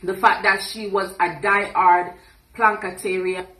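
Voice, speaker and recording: Woman, measured earnest talk, slow pace, bright voice. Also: medium pitch, little pitch movement, echoey room, poor audio.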